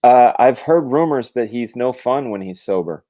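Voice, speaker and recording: A man's voice: medium pitch, lively intonation, moderate pace, dark tone, no room sound. A man from the United States, a guest on a casual live chat over a video call, enthusiastic and jokey.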